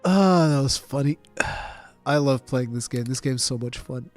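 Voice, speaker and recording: A man casually chatting on his stream while building models, his voice nasal and stuffy from allergies, telling stories in an animated, swearing way. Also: mid-range voice, unhurried, faint music behind. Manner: animated, profane storytelling.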